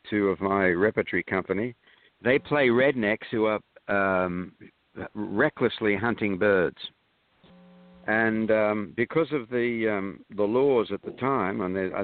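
A man who is a film director, guest on a show, telling rambling, hesitant anecdotes full of ums and chuckles. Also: fairly low pitch. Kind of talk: anecdotal storytelling in an interview. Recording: tinny phone-line sound.

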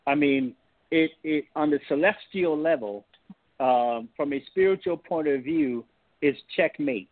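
A man, a pastor, telling a personal story on a call-in talk show in an animated, folksy way. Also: on the high side, measured pace, no room sound. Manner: animated, folksy storytelling with Southern turns of phrase. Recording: tinny phone-line audio, dry.

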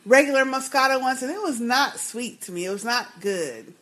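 Animated high-voiced woman podcast host. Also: normal speed. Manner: animated, laughing, reads emails aloud. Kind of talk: casual chat, reading listener emails.

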